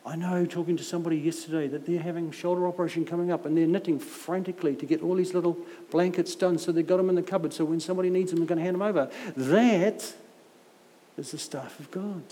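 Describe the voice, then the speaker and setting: A man's voice: on the high side, fairly even intonation, fast, dark tone. A middle-aged man preaching a sermon, telling stories with humorous, self-mocking asides, heard in a church hall. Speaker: visiting preacher. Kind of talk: anecdotal sermon. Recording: long echo of a large hall.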